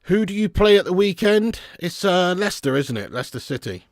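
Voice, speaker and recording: A man streaming a live football watch-along, reading viewer comments casually, then swearing and shouting at the match as it unfolds. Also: high voice, big pitch swings, brisk, no echo, studio quality.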